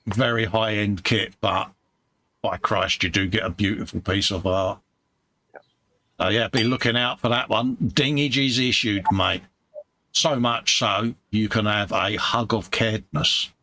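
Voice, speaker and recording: Gravelly man hosting a chat stream. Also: lowish voice, measured pace, pushed and bright, slight background noise. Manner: matey banter, reads out viewer comments. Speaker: live-stream host. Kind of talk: casual chat.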